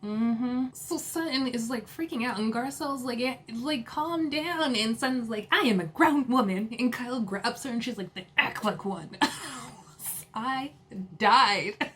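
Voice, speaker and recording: A woman casually recapping a reality TV episode, retelling the drama with laughs, quick asides and lively quoted lines. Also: on the high side, a little hiss or hum. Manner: animated retelling, quoting others with laughs and asides.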